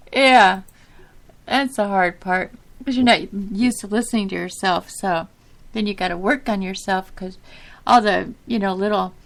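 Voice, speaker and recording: A woman's voice: medium pitch, expressive, unhurried, creaky, a bit bright. A middle-aged woman hosting her own podcast, talking casually and rambling with a girlish, sometimes whiny voice and frequent laughs. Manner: rambling, laughs often, self-deprecating. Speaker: podcast host. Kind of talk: casual solo talk.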